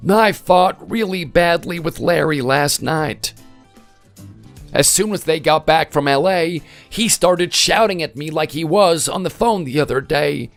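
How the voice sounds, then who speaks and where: A man's voice: fairly high pitch, measured pace, gravelly, faint music behind. A man doing a self-pitying older father-in-law. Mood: forlorn. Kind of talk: voice-acted text story.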